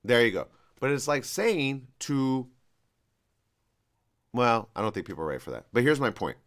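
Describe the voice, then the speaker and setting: A man's voice: mid-range voice, big pitch swings, normal speed, a bit bright. A man hosting a live talk show, giving rambling, conversational commentary with an American West Coast accent. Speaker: host.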